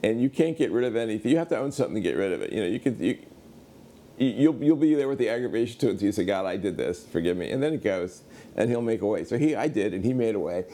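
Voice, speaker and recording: A middle-aged man from the United States telling a personal story in a sermon, animated, acting out the other people in it. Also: on the low side, fast talker. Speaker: preacher.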